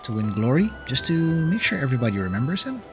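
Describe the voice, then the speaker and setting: A man giving relaxed, casual commentary while playing a game, thinking aloud with pauses. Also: mid-range voice. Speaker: streamer. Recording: game music clearly behind. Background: game music.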